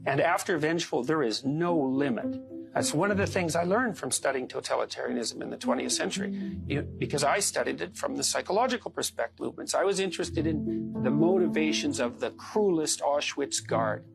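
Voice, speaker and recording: Gravelly, slightly higher male voice, lecturing emphatically, music bed behind. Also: animated, a little fast. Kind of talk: lecture clip. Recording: clip with music underneath.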